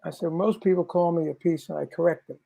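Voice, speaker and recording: An older man co-hosting a casual chat, telling an anecdote in a relaxed, unhurried way. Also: on the high side, vocal fry, poor audio.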